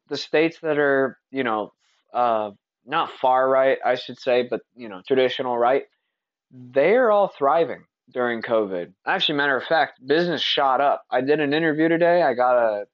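A man's voice: medium pitch, dry recording, muffled recording. A man from Texas hosting a casual solo podcast, talking in an opinionated, rambling way with frequent restarts. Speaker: podcast host.

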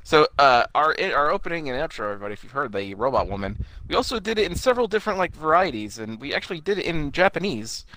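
A man's voice: on the high side, very animated, quick pace, hardly any pauses, bright, forceful tone. A man co-hosting a podcast, joking and teasing his friend in casual, profane banter. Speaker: podcast co-host.

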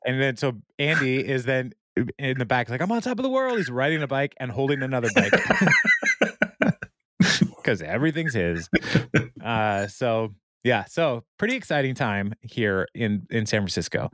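A man's voice: mid-range voice, normal speed, a bit bright, no echo. A man hosting a podcast, casually recapping an episode, laughing often and paraphrasing the characters. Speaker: podcast host.

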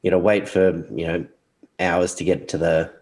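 A man's voice: deep voice, little pitch movement, normal speed, darkish tone. A man co-hosting a casual podcast chat with laid-back teasing banter, sounding sniffly and congested. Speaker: podcast co-host.

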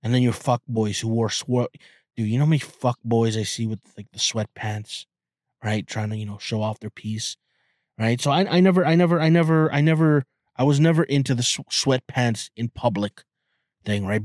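A Canadian man hosts a podcast, chatting casually in a rambling, profane style and stammering through many restarts. His medium-pitched voice is slightly mellow, and the studio-quality recording has no room sound.

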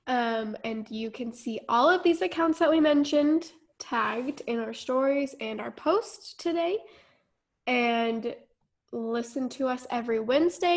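A woman hosting a podcast in casual chat, bubbly, wrapping up the episode. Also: a little high. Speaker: podcast host.

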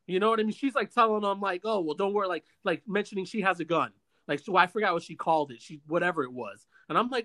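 A man hosting a podcast, telling a long story in a casual, animated way with many stammers and restarts. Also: sits high, quick pace, hardly any pauses. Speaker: podcast host.

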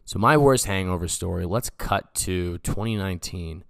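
A man's voice: low-pitched, moderate pace, vocal fry, fairly bright tone, no echo, studio quality. A man in his twenties, a podcast host, telling a personal story in a loose, rambling way, full of "like" and "you know". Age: 20s. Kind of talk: casual storytelling.

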